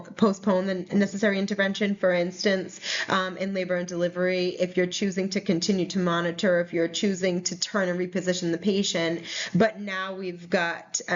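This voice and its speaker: A woman's voice: lowish voice, lo-fi sound. A woman teaching a recorded nursing lecture in a conversational, explanatory way with frequent fillers. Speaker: nursing instructor.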